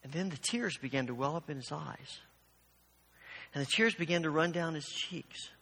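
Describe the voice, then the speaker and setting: Bright-voiced preacher in a reverberant hall. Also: male voice, on the high side, normal speed, creaky, slightly rough. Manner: storytelling, building to fervent exhortation. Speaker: pastor. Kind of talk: sermon.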